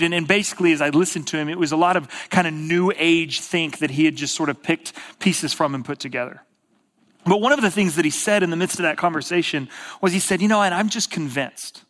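A pastor giving a sermon in a casual storytelling manner, swinging from emphatic bursts to hushed quiet. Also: male voice, on the high side. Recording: long reverb of a large hall.

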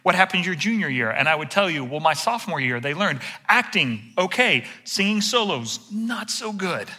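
A pastor with a very bright, tense edge to his voice tells a story on himself with plenty of humor. He is a middle-aged man, fairly high for a man, and he preaches in a lively, storytelling way. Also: normal speed. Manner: animated storyteller, self-deprecating humor. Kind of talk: sermon with personal story.

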